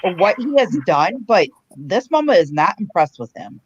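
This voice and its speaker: A woman's voice: lowish voice, big pitch swings, moderate pace, breathy edge, no echo. A mother talking in casual chat, outspoken and blunt. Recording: dull lo-fi with background noise.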